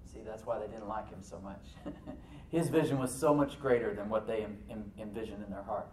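A man preaching a sermon as pastor, animated, with rhetorical questions and soft asides to the congregation. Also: lowish voice, fairly quick, echoey room, distant mic, a little hiss or hum, poor audio. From United States.

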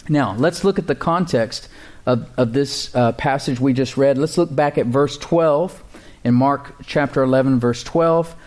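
A man preaching from the pulpit in a mid-range voice. He calls out to his congregation for responses and slows to a careful, deliberate pace when reading scripture. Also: mid-range voice, a little mellow. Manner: reads scripture slowly and deliberately. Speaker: pastor. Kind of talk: sermon.

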